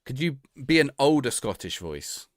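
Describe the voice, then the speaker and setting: A man's voice: mid-range voice, big pitch swings, normal speed, no echo, clean studio sound. A man streaming a game live, joking around and talking to an AI voice. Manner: playful, joking, talks to the game and AI. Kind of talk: live gameplay commentary.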